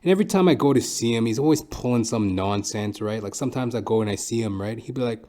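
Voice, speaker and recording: A man's voice: medium pitch, quick pace, few pauses, dark tone. A man hosting his own podcast, telling comic stories in a rambling, profane way. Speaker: podcast host. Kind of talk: comedic storytelling monologue.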